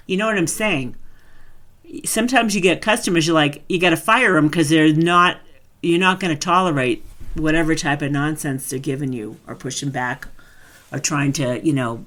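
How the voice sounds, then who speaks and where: A woman's voice: sits low, fairly bright tone. Chatty woman coaching on branding. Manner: chatty, loose and conversational, thinking aloud. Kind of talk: casual webinar teaching.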